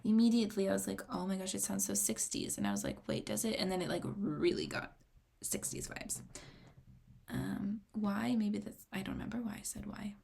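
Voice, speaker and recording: A young woman giving casual, rambling reaction commentary on an album, excitable and often dropping to a whisper while she reads her notes. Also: medium pitch, normal speed, vocal fry, breathy edge. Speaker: music reaction vlogger.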